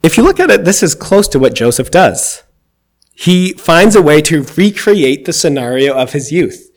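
A man's voice: fairly high pitch, big pitch swings, moderate pace. A man giving a conversational, reflective sermon, reading scripture aloud and explaining it with occasional fillers. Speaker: preacher.

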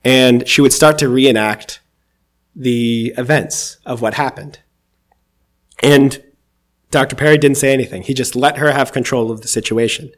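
A man's voice: medium pitch, steady tone, moderate pace, pauses often. A man giving a conversational, reflective sermon, reading scripture aloud and explaining it with occasional fillers. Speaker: preacher.

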